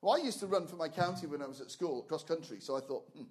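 An older man, preaching and telling a personal testimony, his storytelling building to loud, fervent shouting. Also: on the high side, quick pace. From England. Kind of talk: sermon testimony.

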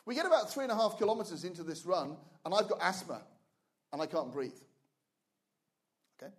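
An older man, preaching and telling a personal testimony, his storytelling building to loud, fervent shouting. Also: sits high, big pitch swings, fairly quick. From England. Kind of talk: sermon testimony.

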